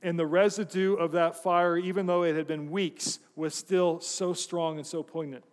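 A man's voice: a little high, level tone, moderate pace. Storytelling man preaching in a hall. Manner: storytelling, self-deprecating, asks the congregation. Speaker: pastor. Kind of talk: sermon.

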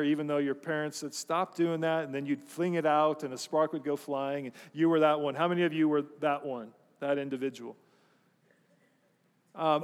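A man's voice: a little high, clean tone, long reverb tail. A man preaching a sermon, telling a story with self-deprecating humor and asking his congregation questions. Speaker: pastor.

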